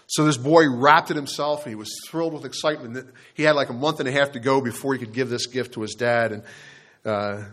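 A man delivers a sermon from the pulpit, telling a story to his congregation and turning to speak to them directly. His voice sits in a middle pitch. He slows down sharply to stress his key points. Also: a bit bright. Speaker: pastor.

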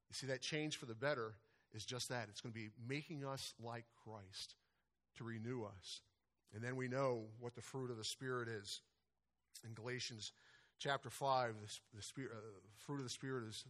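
A man's voice: medium pitch, a bit bright. Plainspoken male pastor preaching. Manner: plainspoken, repeats words when searching. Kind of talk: sermon.

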